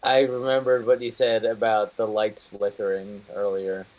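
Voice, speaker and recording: A man player in a tabletop game, talking in a relaxed, joking way. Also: fairly low pitch, moderate pace, poor audio. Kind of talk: casual chat.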